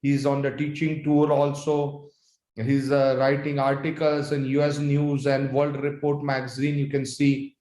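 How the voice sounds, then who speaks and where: A man's voice: mid-range voice, monotone, measured pace, darkish tone, reverberant, low-quality recording. A man hosting a webinar over a video call who introduces the speaker in a hesitant way, with many restarts. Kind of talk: casual introduction.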